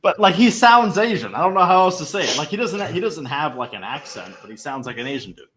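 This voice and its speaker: A man's voice: a little high, very animated, quick pace, crowd noise. A young man hosting a livestream in rambling, chatty talk, laughing easily. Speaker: livestream host. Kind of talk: casual livestream chat.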